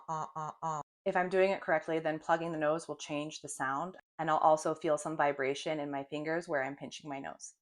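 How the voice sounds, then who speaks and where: A woman in her thirties giving a clear pronunciation lesson, slowly sounding out vowels to demonstrate them. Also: deep voice. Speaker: French pronunciation teacher.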